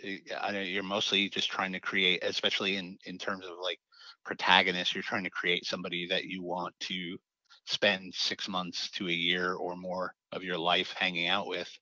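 A man's voice: deep voice, monotone, moderate pace, pushed and bright, no room sound, highs cut off. A man, a comic writer being interviewed, talking casually and rambling with many fillers and restarts.

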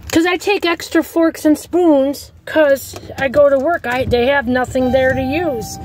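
A woman vents to her viewers in a casual vlog, blunt and fired up, with swearing slipping in. Her voice sits a little high. A faint noise runs under the recording, as if she is talking from a car. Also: unhurried, hardly any pauses, darkish tone, poor audio. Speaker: vlogger.

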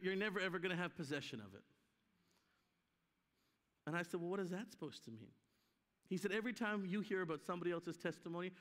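High bright-voiced guy preaching, lively storytelling sermon, big hall echo. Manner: animated, acts out voices in his stories. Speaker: guest preacher. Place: church hall. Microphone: live stream sound. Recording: long hall reverb.

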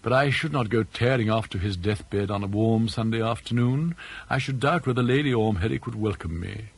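A man's voice: lowish voice, breathy edge. A man voicing an elderly English father who is dry, mischievous and mock-courteous, with an arch, ironic manner. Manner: arch, ironic, drawn-out emphasis.

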